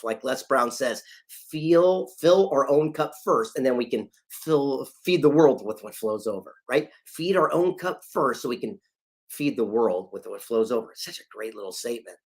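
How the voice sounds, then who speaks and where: Male motivational speaker, gravelly mid-range voice, emphatic storyteller, video call. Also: medium pitch, expressive, moderate pace. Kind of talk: motivational talk.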